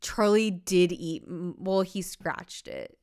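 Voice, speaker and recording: A woman's voice: on the low side, slow, darkish tone, clear, resonant tone, dry recording, clean studio sound. A woman hosting a podcast who tells a story in a rambling, casual way, with lots of fillers and laughter. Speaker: podcast host.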